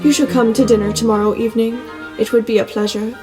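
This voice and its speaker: A woman's voice: a little high, steady tone, fast, lightly acted. Earnest German prince, read by a woman. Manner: earnest, venting, friendly. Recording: long reverb, soft music beneath.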